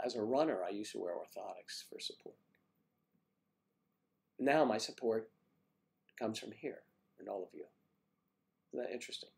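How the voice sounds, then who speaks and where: An older man hosting a casual livestream, chatting warmly with viewers by name and rambling through stories. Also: on the low side, vocal fry. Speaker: livestream host reading viewer comments. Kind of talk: casual chat.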